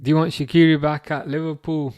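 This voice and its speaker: Hosting a football watch-along live stream, this man chats loosely and answers viewer comments as they come in, rambling and restarting often in casual stream talk. His voice sits on the high side with a darkish tone, and his delivery is flat and brisk. The recording is dry.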